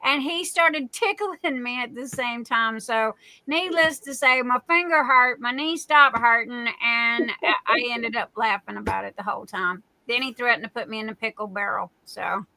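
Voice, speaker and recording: A woman's voice: on the high side, moderate pace, bright, forceful tone. A middle-aged woman from Southern Arizona hosting a live stream, chatting casually and telling stories with laughs. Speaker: livestream host.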